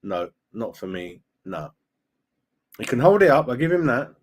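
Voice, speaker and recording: In a sing-song, mid-range voice at a moderate pace, a middle-aged man chats with viewers on a fan live stream. He reads their comments aloud, offers pointed opinions, and habitually adds "mate" and "right?".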